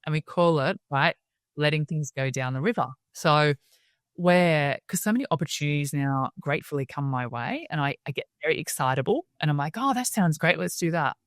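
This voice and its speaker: An Australian woman speaking as a podcast guest, telling stories in a lively, chatty way and laughing often. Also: low voice, a little fast, clean tone, no echo, studio quality. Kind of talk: casual interview storytelling.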